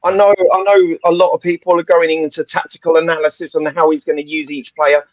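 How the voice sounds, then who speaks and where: A man's voice: a little high, little pitch movement, quick pace, dry recording, muffled recording. A man giving blunt opinions in a casual football podcast chat, laughing often. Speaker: podcast panelist.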